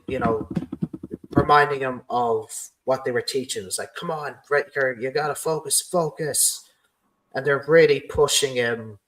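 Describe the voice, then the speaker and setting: A man's voice: medium pitch, fairly bright tone, low-quality recording. A man hosting a casual podcast, rambling through his ideas with many "you know" fillers. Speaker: podcast host.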